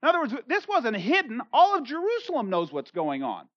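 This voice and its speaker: Reading from scripture, this pastor explains each passage in plain, chatty terms as part of an expository sermon, performing the quoted speakers with sharp swings in loudness and pitch. His pitch swoops wildly and his pace is brisk. There's no room sound, and the audio is dull and lo-fi.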